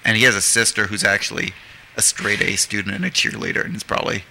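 A man's voice: on the low side, fairly even intonation, fast talker, gravelly, pushed and bright, a little hiss or hum. A man being interviewed as a filmmaker, telling long anecdotes in a rambling way with many fillers. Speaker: guest filmmaker. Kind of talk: casual interview storytelling.

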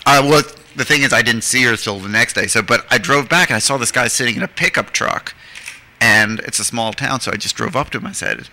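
Gravelly, bright-voiced man telling stories. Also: medium pitch, brisk. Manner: rambling, with many fillers. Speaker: guest filmmaker. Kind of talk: casual interview storytelling.

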